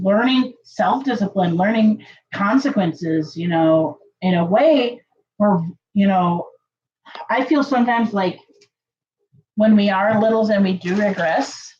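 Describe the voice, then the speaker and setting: A woman telling a story to her viewers in a casual, chatty way, full of fillers and lively jumps in pitch. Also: muffled recording. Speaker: channel host.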